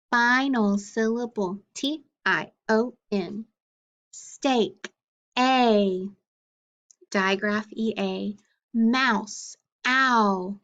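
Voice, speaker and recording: A woman teaching phonics, sounding out words and letters slowly and deliberately. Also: mid-range voice, lo-fi sound. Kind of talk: slow phonics drill.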